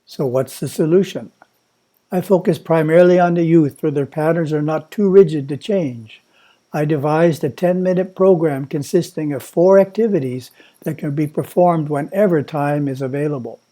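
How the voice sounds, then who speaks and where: Mellow-voiced man giving a measured spiritual talk. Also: a little high. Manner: measured, instructive, slow. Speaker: monastery teacher. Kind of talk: prepared spiritual talk read aloud.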